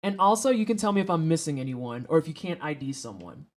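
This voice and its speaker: A game streamer talking to chat mid-session in a loose, unscripted way. The talk is crude and jokey, full of swearing and offhand teasing of the game. The pitch sits in an ordinary middle range. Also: sing-song, fast talker. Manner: profane, joking, talks to chat. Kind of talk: casual livestream chat while gaming.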